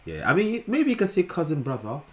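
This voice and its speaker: A man's voice: fairly high pitch, huge pitch swings, a little fast. Nigerian guy hosting a reaction vid, bouncy up-and-down voice, jokey and chatty. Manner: playful, chatty, laughs often. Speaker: reaction video host. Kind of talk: casual reaction commentary.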